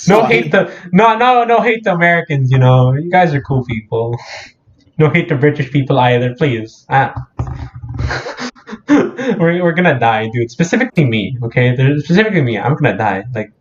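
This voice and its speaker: A man's voice: fairly high pitch, animated, moderate pace. A young man from the Philippines, co-hosting a casual podcast with friends, laughing often and joking in mock accents. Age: young adult. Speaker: podcast co-host. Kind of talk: casual chat between friends. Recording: dull lo-fi audio.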